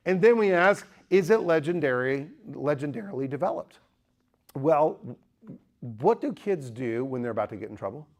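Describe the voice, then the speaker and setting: Brief: male speaker, lively lecture style, quizzes the room, cracks jokes. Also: on the high side, moderate pace. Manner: lively, joking, asks the audience questions. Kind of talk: apologetics lecture.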